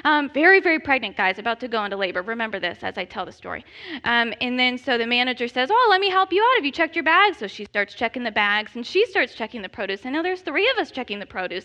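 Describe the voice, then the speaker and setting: A high, bright woman in her thirties spins a funny story about herself, animated and quick to laugh at her own expense. The recording is dull and lo-fi. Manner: animated, self-deprecating, laughing often. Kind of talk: comedic personal storytelling.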